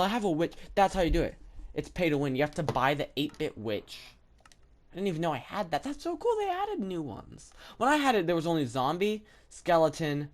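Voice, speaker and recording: Low-voiced woman, excitable and rambling. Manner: chatty and excitable, thinks aloud with many fillers. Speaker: gaming video creator. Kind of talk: rambling gameplay commentary.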